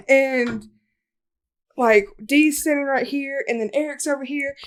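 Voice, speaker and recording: A woman's voice: high-pitched, takes it slowly. A woman co-hosting a podcast in casual chat, rambling through stories and laughing often as she talks. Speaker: podcast co-host.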